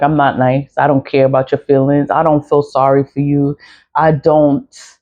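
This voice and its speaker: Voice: mid-range voice, darkish tone, lo-fi sound. A spiritual practitioner from the talks straight to camera over a candle ritual. The speech is blunt and profane, circling back on the same phrases again and again as they vent about people who wronged them. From the Bronx, New York. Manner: blunt, profane, repetitive venting. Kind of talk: casual vlog monologue while doing a candle ritual.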